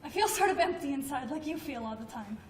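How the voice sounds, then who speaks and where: Cast a childlike adult woman, earnest and halting, very high voice, roomy far-off film sound. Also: expressive. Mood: pleading. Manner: earnest, halting, stammers when upset. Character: childlike grown woman, anxious and pleading. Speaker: grandmother's grown daughter. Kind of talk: film drama acting. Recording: roomy, distant film sound, faint noise.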